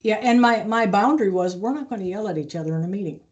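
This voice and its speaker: A middle-aged woman speaking as an interview guest, telling stories in a calm, measured way with frequent restarts. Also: mid-range voice, highs cut off. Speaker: podcast guest, aviation maintenance leader. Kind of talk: conversational interview.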